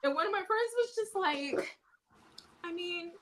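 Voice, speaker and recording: A young adult woman, a podcast guest telling a story in casual chat, animated and laughing, swearing freely and acting out the people she quotes. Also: very high-pitched, normal speed, noisy background.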